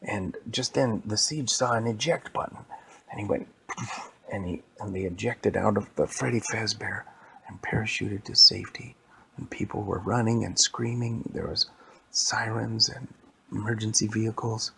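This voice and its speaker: A man improvising a story for a child, animated and dropping into whispers for suspense. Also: fairly low pitch, normal speed, vocal fry, slight background noise.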